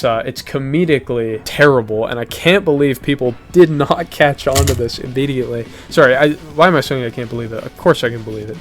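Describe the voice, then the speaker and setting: Young male commentator, medium pitch, reads a document aloud in a flat reading tone, then breaks off into loud, swearing reactions. Faint music plays under his voice throughout. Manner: casual, swearing, gets heated and loud. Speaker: commentary youtuber.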